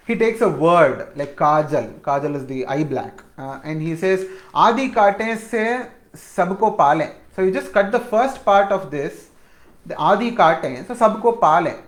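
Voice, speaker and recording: A lecturer explaining recited verses line by line in an informal, hesitant way, with many fillers. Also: mid-range voice. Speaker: lecturer on poetry. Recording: roomy echo.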